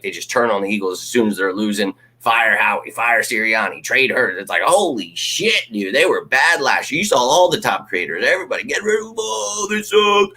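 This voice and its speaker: A man hosting a live fan stream, ranting casually, swearing freely and mocking critics. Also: fairly low pitch. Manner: animated, ranting, swears freely, mocks critics in put-on voices.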